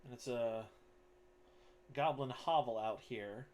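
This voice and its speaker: A man's voice: mid-range voice, slow, a little mellow. A man narrating as game master of a tabletop game, laid-back with lots of ums and uhs.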